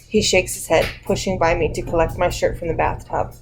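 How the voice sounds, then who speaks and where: A woman reading a mystery novel as an audiobook, measured and dramatic. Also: on the low side, fairly even intonation, gravelly, soft background music, poor audio. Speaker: audiobook narrator. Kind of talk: scripted narration.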